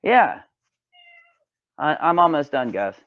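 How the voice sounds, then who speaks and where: Rambling, lively-voiced man streaming from home. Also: on the high side, takes it slowly, dry recording. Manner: rambling, swears freely, talks to his cat. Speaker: live streamer. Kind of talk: casual live-stream chat. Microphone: desk microphone. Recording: dull lo-fi dry home mic.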